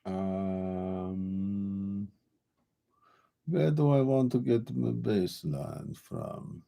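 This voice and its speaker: A man's voice: lowish voice, very slow, creaky, warm tone. A man producing music on a live stream, talking casually to himself in an offhand, profane way. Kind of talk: casual live-stream commentary while making beats.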